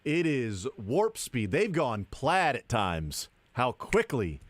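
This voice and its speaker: Man, sports radio host, deadpan sarcasm, studio mic, dry close sound. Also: medium pitch, slow, few pauses, no room sound. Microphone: studio microphone.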